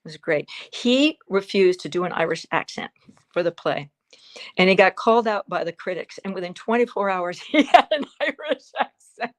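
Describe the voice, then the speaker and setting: A woman in her seventies answering interview questions as a guest actress, telling fond stories with pauses and fillers. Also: lowish voice. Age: 70s. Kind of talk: interview answers over a livestream.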